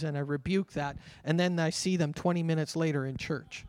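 A male pastor preaching a sermon, earnest and fervent, slowing down to read scripture aloud. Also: a little high. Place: church sanctuary. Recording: long reverb of a church hall.

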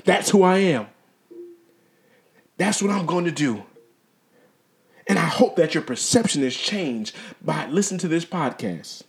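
A man's voice: a little high, animated, measured pace, creaky, long pauses, crowd noise. A middle-aged man hosting a podcast, talking earnestly in a motivational monologue that stumbles and repeats words. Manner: repetitive, stumbling, earnest and exhortative. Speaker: podcast host.

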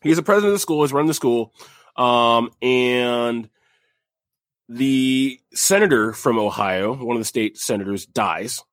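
A man's voice: mid-range voice, a little slow, no room sound. Guy rambling through a history story, lots of uhs, dry sound. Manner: rambling, frequent fillers and restarts, jokey asides. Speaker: podcast host telling a history story. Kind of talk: casual storytelling chat.

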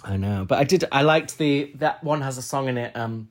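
A man's voice: mid-range voice, a little fast, few pauses. A young man chatting casually as a podcast co-host, rambling and laughing often. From United Kingdom. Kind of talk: casual chat.

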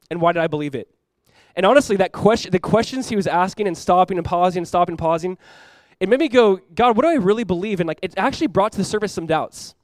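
A young adult male pastor from Southern California preaching a sermon, telling a story in a quick, animated way and acting out the voices he quotes. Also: high-pitched, dry recording.

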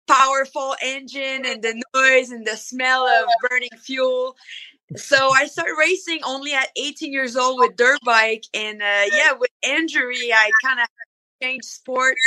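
A woman with a French accent, a native French speaker, answering interview questions in a relaxed, hesitant way with frequent pauses. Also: high voice, poor audio. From France. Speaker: monster truck driver.

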